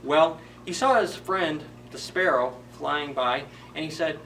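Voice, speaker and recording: Male children's librarian at story time; relaxed, chatty narration, picked up from a distance with faint hiss. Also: a little high, normal speed, hardly any pauses.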